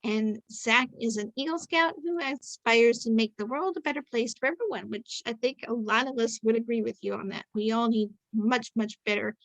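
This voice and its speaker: A woman's voice: a little high, moderate pace, hardly any pauses, fairly bright tone, dry recording, low-quality recording. A woman in her fifties hosting a podcast over a video call, chatty and rambling, correcting herself as she goes and slipping in jokes. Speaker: podcast host. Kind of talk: casual interview introduction.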